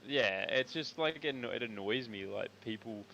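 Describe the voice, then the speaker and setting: A man's voice: mid-range voice, expressive, normal speed, gravelly, sharp tone, no room sound. A young Australian man streaming, telling a long slangy story with lots of swearing. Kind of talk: casual chat while gaming on stream. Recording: noisy background.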